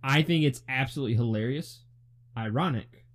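A man's voice: medium pitch, a little fast. A young man co-hosting a casual movie review chat, blunt and laughing often, swearing freely. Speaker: podcast co-host.

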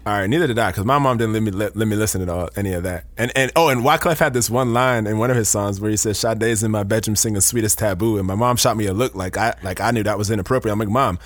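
A man's voice: fairly low pitch, fast, hardly any pauses, no echo. A man chatting casually, telling rambling, facetious stories full of restarts. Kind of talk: casual chat.

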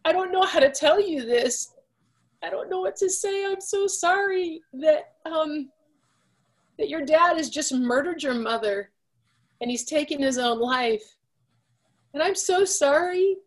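A woman's voice: high-pitched, unhurried, voice pushed up. A woman voicing a grieving woman who chokes out repeated apologies through heavy crying as she breaks terrible news. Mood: sobbing.

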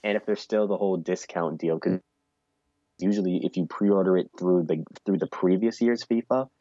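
A man with a very low, mellow voice talks loosely and casually on a podcast. The audio is dry and a bit dull, like a lo-fi home recording. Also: moderate pace, dry recording. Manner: casual, rambling, mock-formal announcer bits. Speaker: podcast co-host. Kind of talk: casual gaming chat.

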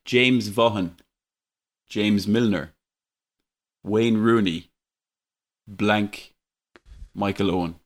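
Lower-voiced Irish man hosting a quiz. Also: extremely slow, long pauses. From Ireland. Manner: relaxed, chuckling, slightly tipsy banter. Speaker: quiz host. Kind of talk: casual podcast quiz.

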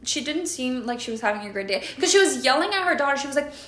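A young woman co-hosting a podcast, telling a travel story in casual chat, full of "like" and "um" and quick laughs. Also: sits high, lively intonation, pushed and bright, reverberant. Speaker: podcast co-host.

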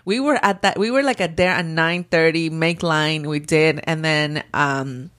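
Woman, 30s, slightly low pitch, chatty, animated storytelling. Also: a little slow. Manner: animated storyteller acting out quoted voices. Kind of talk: casual chat.

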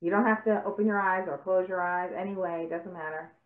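A woman stress coach calmly guiding listeners through a breathing exercise step by step on a video call. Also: lowish voice, quick pace. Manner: calm, step-by-step instructive. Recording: tinny call audio in an echoey room.

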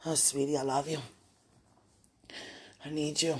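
A woman murmuring an emotional spoken prayer, soft-spoken and soothing herself. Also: sits low, moderate pace, pauses often, husky. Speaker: mother.

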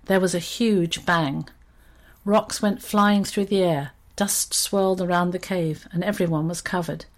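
A woman reading a children's story aloud in an expressive, steady storytelling manner. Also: fairly low pitch, a little slow.

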